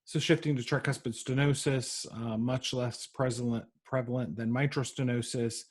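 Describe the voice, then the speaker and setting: A man giving a recorded medical lecture, pausing often with ums and uhs. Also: medium pitch, fairly even intonation, breathy edge. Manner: halting, frequent ums and uhs.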